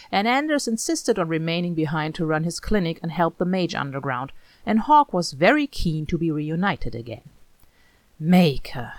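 Expressive woman narrating a story. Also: lowish voice, dry recording. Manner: expressive, animated reading.

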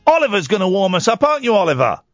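Man, radio phone-in host, higher voice, swooping delivery, dry studio sound. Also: rapid-fire, no echo. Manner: animated, jokey and teasing. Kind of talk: late-night radio phone-in chat. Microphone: studio microphone.

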